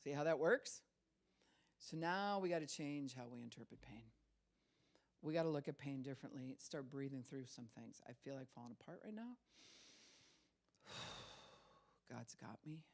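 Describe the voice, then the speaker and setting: A woman's voice: very deep voice, animated, fairly quick. Storytelling woman pastor in her sixties. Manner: storytelling, laughs often, acts out quoted voices. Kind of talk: sermon.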